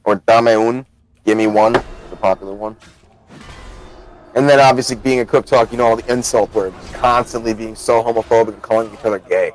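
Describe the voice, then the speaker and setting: A man's voice: fairly low pitch, steady tone, a little fast, poor audio. Rambling male game streamer. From United States. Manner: rambling, explains at length. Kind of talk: casual gaming chat.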